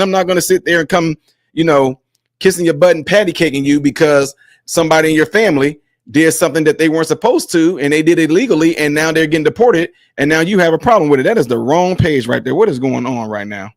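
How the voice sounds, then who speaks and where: A man's voice: fairly high pitch, no echo, studio quality. A man hosting a commentary vlog, combative and mocking, speaking straight to his viewers. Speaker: host.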